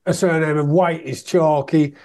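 A man's voice: on the high side, steady tone, normal speed, darkish tone. A man from England hosting an interview, chatting casually and recapping his guest's stories. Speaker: interviewer, host.

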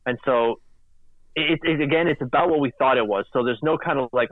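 A man co-hosting a casual sports podcast, chatty and animated, acting out quotes in silly voices. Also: mid-range voice, a little fast, no echo. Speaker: podcast co-host. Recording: tinny phone-like line.

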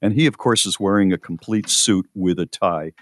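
A man's voice: low voice, moderate pace, no echo. A man hosting a casual talk show, incredulous and sardonic. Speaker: podcast host. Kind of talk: casual chat.

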